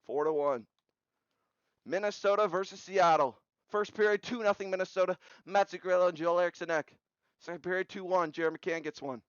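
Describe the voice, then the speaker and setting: A young man with a fairly high, smooth voice recaps simulated hockey playoffs, firing off scores in short bursts. The sound is close and dry, slightly dull and lo-fi. His energy jumps at big goals. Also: brisk, no room sound. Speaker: video game simulation commentator. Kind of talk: play-by-play recap commentary.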